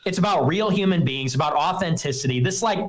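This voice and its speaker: A man's voice: fairly high pitch, animated, brisk. Scornful young man ranting on stream. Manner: scornful, mocking, profane. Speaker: streamer host. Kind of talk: heated live-stream rant.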